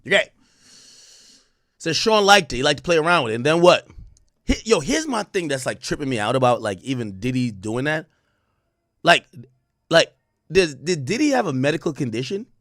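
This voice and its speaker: A man, animated and profane, reacting to news on a livestream and reading out testimony. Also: normal speed, long pauses, no echo, clean studio sound. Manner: animated, swings from loud outbursts to low mutters; profane, reads court testimony aloud. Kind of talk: casual livestream commentary.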